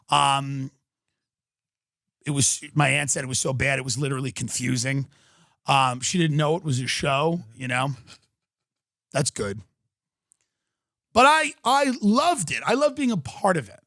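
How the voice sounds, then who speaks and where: Sarcastic guy ranting on his podcast, high voice, dry close sound, swears a lot. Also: animated, a little slow, pauses often, fairly bright tone, dry recording. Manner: sarcastic, swearing, mock-outraged, acts out quotes. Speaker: podcast host. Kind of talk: comedic rant.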